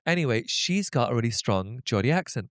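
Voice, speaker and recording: A British man chatting casually as a podcast guest, gossipy and quick to laugh at himself. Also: medium pitch, very animated, no echo, studio quality. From Britain. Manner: chatty, gossipy, self-deprecating. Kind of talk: casual chat.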